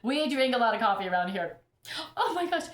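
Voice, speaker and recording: Her voice sits a little high and sing-song, moving fairly quickly through an echoey room. She's a middle-aged houseplant vlogger getting over an illness, chatting casually at home surrounded by plants, rambling and laughing frequently.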